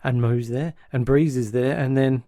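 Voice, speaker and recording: Aussie guy retelling a sitcom episode, mid pitch, dry close sound. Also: dry recording. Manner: animated plot recap with quick character voices. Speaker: podcast co-host. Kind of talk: casual podcast chat.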